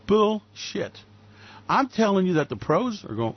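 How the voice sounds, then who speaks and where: A high-voiced man rants at his listeners, angry, sarcastic and full of swearing. His voice comes through a dull, lo-fi web radio recording. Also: very animated, a little slow. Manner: angry, profane, sarcastic ranting. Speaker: radio show host. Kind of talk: ranting political commentary.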